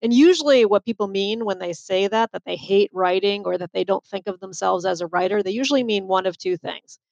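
A woman's voice: medium pitch, a little fast, creaky, no echo. Chatty woman with a faint boston accent talking about her book, lots of "you know", dry slightly dull sound. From Boston area. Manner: animated, chatty, many fillers. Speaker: author and guest. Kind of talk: podcast interview.

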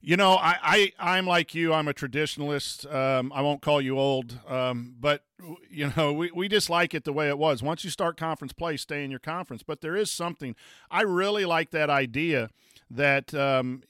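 A former coach talks through a casual sports chat in a bright, smooth voice. He rambles with many fillers and restarts, and the recording is dry and close. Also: on the high side, normal speed, no echo. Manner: reads chat comments aloud. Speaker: podcast co-host, former coach.

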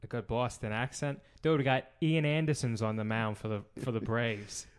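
Casting: easygoing male co-host, mid-pitch, dry humor, casual sports talk. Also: steady tone, moderate pace, clean tone. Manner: laid-back, dry jokes, does impressions. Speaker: podcast co-host.

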